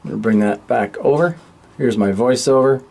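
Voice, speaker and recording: A man leads a relaxed walkthrough of how radio work is done. He talks loosely and thinks aloud, with a mid-range voice that stays plain and unforced. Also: mid-range voice, normal speed, gravelly. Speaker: radio teacher. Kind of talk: casual screen-share tutorial.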